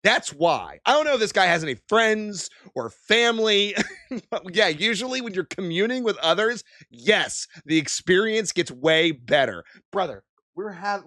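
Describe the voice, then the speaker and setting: Young man, streamer, exasperated swearing rant, bouncy pitch, slightly high. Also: sing-song, moderate pace, pushed and bright, dry recording, studio quality. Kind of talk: ranting stream commentary.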